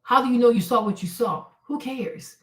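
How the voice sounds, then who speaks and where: A woman's voice: on the high side, normal speed, recorded from a distance. Brash, profane woman streamer in an echoey room. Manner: brash, profane, emphatic and mocking. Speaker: livestream host. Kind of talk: blunt advice livestream.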